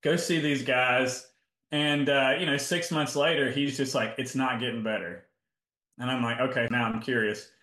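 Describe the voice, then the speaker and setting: A man's voice: medium pitch, fairly even intonation, normal speed, bright, forceful tone, reverberant. A middle-aged man, a health coach telling client stories in a casual interview and acting out both sides of each conversation.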